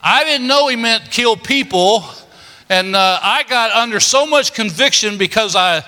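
An older man, his voice high and very bright. He tells stories in a folksy, homespun way, with many "uh" fillers. His words ring with the long reverb of a big church hall. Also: lively intonation, a little slow. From Kentucky, United States. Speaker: preacher. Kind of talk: storytelling sermon.

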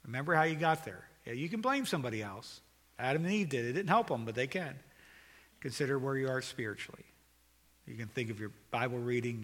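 Male pastor, sermon delivery, urgent to hushed and earnest, ringing voice in a big reverberant room. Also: mid-range voice. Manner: preaching, swings from loud urgent calls to quiet earnest appeal.

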